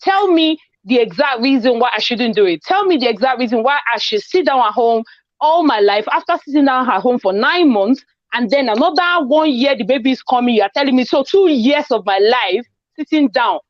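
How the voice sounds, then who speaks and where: A woman hosting a casual group chat, telling a personal story in an animated way and acting out the dialogue. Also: high voice, brisk, no echo, highs cut off. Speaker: host. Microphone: video call.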